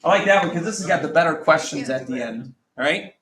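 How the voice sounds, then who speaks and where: A man's voice: on the high side, expressive, fast talker, a bit bright. A male math teacher talking a class through calculator work, chatty and joking, with exasperated asides. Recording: echoey classroom with faint background ambience.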